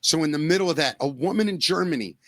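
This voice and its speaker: A man's voice: fairly high pitch, quick pace, fairly bright tone, no echo. A man co-hosting a podcast, talking in a casual, emotional way and swearing freely. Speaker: podcast co-host. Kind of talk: casual chat.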